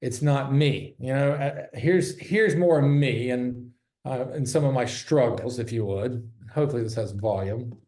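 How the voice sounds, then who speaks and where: A man's voice: medium pitch, a little slow, a little mellow. A man who sells real estate, giving a casual, candid talk from his office, joking and swearing freely. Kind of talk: casual presentation. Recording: roomy echo.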